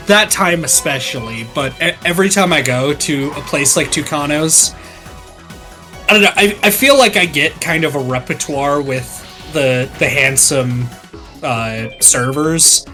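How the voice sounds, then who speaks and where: A man chatting casually during a game session, telling lively stories and acting out other people's lines. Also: fairly high pitch, measured pace, faint music behind. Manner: animated storyteller who acts out quoted voices. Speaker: co-host of a gaming let's play. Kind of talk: casual chat.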